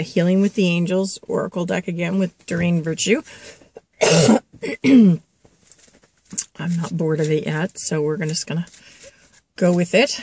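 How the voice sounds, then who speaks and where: A woman's voice: lowish voice, a little mellow. A woman doing a spiritual reading vlog, chatty and laughing, passing on a spirit's messages and calling her listeners children. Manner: chatty, laughs and coughs between thoughts. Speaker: intuitive reader.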